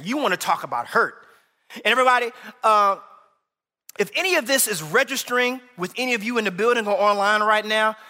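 A man preaching a sermon in a church, impassioned and conversational, sometimes rising to shouts. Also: sits high. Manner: impassioned, rising to shouts when voicing cries to God. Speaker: pastor. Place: large church hall. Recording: echoey hall reverb.

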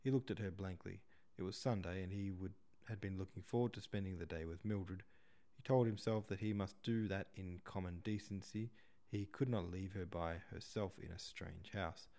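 A podcast host reads a novel as a male audiobook narrator, his voice deep and mellow, his delivery steady and measured.

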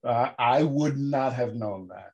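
A man's voice: slow, vocal fry, dull audio. Sarcastic man recapping a horror film. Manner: animated sarcastic storytelling with sudden pitch jumps. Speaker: podcast co-host. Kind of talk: casual comedic film review chat.

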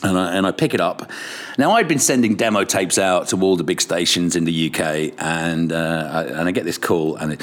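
A man's voice: deep voice, fairly quick. A middle-aged man, a radio presenter, telling anecdotes in a casual interview, swearing freely and laughing often. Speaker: radio presenter, podcast guest.

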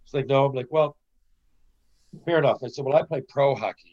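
Muffled audio captures a brisk, medium-pitched man, a middle-aged Canadian who played hockey professionally. He's an animated, foul-mouthed storyteller acting out quotes in a casual anecdote.

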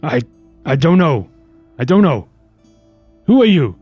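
Man voicing a dazed gruff dwarf captive. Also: on the high side, very animated, a little mellow, dry recording, faint music behind, exaggerated voice. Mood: confused. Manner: halting, disoriented.

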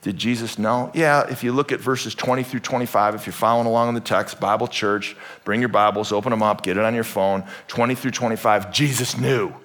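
A man preaching a sermon to a congregation, jokey and animated, swinging from loud emphatic bursts to soft asides. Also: fairly low pitch, brisk, hardly any pauses. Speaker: pastor. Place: church hall with congregation.

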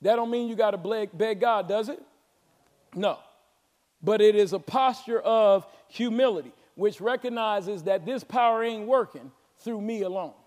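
A man preaching a sermon as pastor, with a Southern American accent and call-and-response delivery that builds to shouts. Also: sits high, normal speed. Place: large church sanctuary. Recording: long hall reverb.

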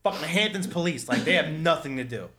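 A man's voice: fairly high pitch, animated, a little fast, sharp tone. Young man laughing through a rowdy story. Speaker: storyteller guest. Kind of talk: casual chat.

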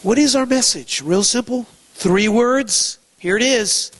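Husky high-voiced male preacher. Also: unhurried, fairly bright tone, poor audio. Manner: emphatic preacher, rhetorical questions, repeats phrases. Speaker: pastor. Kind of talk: sermon.

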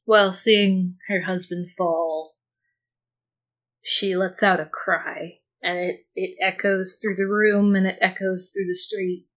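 A woman player slowly describes what her character does in a tabletop game. Her voice stays flat and steady, with hesitant restarts. The sound is dull and muffled. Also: on the low side. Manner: hesitant, thoughtful.

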